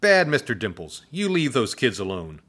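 A man voicing a friendly, cheerful woman teacher in a storybook read-aloud, with a bright sing-song voice. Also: medium pitch, very animated, moderate pace, voice pushed up. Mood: sweet, cheery.

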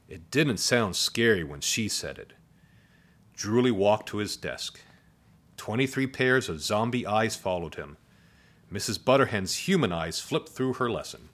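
A man reading a children's story aloud in a playful, expressive way. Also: on the low side, unhurried.

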